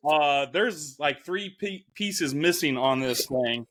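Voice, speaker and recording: A man's voice: a little high, expressive, takes it slowly, a bit bright. A man co-hosting a casual sports chat show, easygoing and rambling, with some swearing. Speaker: podcast co-host. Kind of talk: casual chat while drinking.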